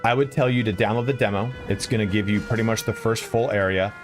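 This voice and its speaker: A quick-paced man with a low-leaning, steady voice gives casual commentary during his live stream. He talks with viewers as he plays, cursing at losses, while faint game music plays.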